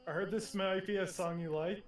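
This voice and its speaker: A man playing in an online role-play game, talking casually, excited and jittery. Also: sits high, brisk.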